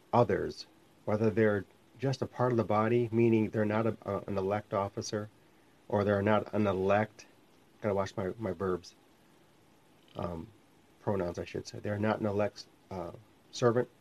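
In slightly muffled lo-fi audio from his home studio, the lab, a man who is a minister and podcast host teaches conversationally and rambles, correcting himself often. His pitch is fairly low and his tone darkish.

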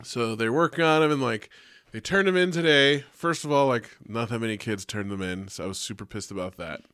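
A young man, a teacher, telling a story in casual chat, animated and profane, full of "like", acting out the quotes. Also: medium pitch, fairly quick, clean tone, dry recording, clean studio sound. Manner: animated and profane, heavy use of "like", acts out quotes.

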